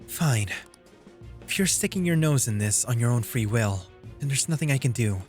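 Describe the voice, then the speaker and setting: A sardonic, hard-drinking woman reporter, dry and teasing, her pitch rising and dipping freely, played by a man reading game dialogue aloud. Soft game music plays faintly behind. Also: lively intonation, normal speed, natural voice. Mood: resigned. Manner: dry, world-weary, teasing.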